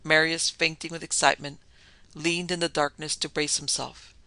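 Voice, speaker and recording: Gravelly, bright-voiced male storyteller. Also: on the high side, level tone, no room sound. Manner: measured, dramatic storytelling. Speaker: podcast narrator. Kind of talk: scripted horror story narration.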